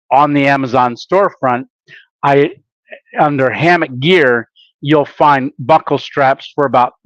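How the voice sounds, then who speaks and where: A man's voice: fairly high pitch, dry recording. A man hosting a casual camping live stream, rambling along with lots of filler sounds and restarts. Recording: dull lo-fi dry sound.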